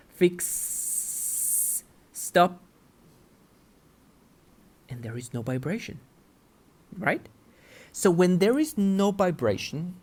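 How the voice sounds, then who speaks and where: A man's voice: a little high, darkish tone. A man teaching English pronunciation, patiently repeating example words and checking in with his listeners. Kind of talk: pronunciation lesson.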